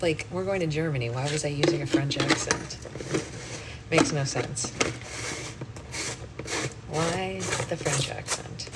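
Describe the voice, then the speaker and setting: A woman's voice: deep voice, unhurried, long pauses. A woman hosting a book club livestream, chatting casually in a bubbly, self-deprecating way into a phone. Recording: loud background noise.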